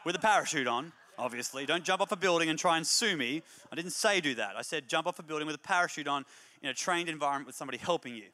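A man preaching a humorous, energetic sermon as a pastor, moving between jokey stories and emphatic exhortation. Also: a little high, quick pace, big-room sound. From Australia. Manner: animated storyteller, jokey then emphatic and exhorting.

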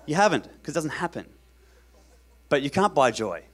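A man's voice: fairly high pitch, sing-song, normal speed, fairly bright tone. A man preaching a sermon as pastor, talking casually with the congregation, asking them questions and repeating lines for emphasis.

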